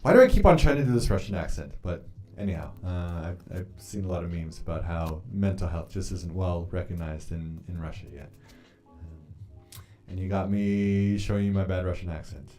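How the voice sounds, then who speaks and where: A man's voice: low voice, steady tone, moderate pace, warm tone, faint music behind. A man hosting a casual livestream, chatting in a rambling way, greeting viewers and reading their comments aloud. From Canada. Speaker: livestream host.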